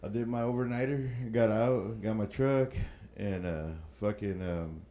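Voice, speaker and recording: A man's voice: fairly low pitch, a little slow, warm tone. A man co-hosting a casual podcast, telling a long story with plenty of slang and curse words, dropping Spanish words in. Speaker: podcast co-host.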